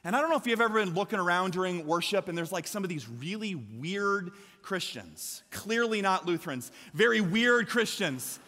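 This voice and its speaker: A man with an American Midwestern accent preaching a lively sermon as a pastor, with emphatic bursts and shouts. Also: high voice, normal speed, hardly any pauses. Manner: energetic, emphatic preaching with sudden loud shouts. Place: large church sanctuary. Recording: long hall reverb from a church.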